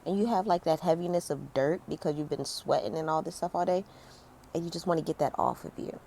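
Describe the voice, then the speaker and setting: Low, gravelly woman ranting casually. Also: a little fast, warm tone, a little hiss or hum. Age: 30s. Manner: conversational, lots of fillers, emphatic complaints. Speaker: commentary vlogger. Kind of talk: casual opinion rant.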